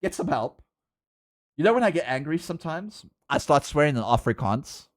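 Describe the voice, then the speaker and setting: A man, chatting casually with his live-stream viewers while drawing, laughing often and getting animated. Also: a little high, a little fast.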